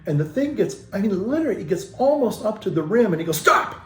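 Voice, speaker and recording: A man's voice: high voice, very animated, quick pace, warm tone, reverberant, faint music behind. A man who is a Catholic priest, telling a story casually in a rambling way, with restarts and self-corrections.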